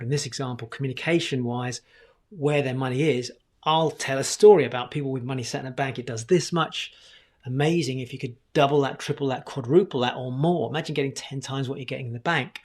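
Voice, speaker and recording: A man teaching communication skills straight to camera, energetic and conversational, often posing questions. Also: medium pitch. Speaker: communication coach.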